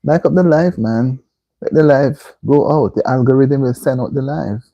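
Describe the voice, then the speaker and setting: A man's voice: mid-range voice, normal speed, vocal fry, mellow, no echo, lo-fi sound. A man hosting a casual live stream, reading viewer comments aloud and repeatedly asking people to like the stream. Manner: reads viewer comments aloud and keeps urging likes.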